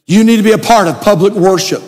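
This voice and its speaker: Male pastor with a very high voice, preaching with shouted emphasis in a church with long reverb. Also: fast talker. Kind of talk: sermon. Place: church sanctuary.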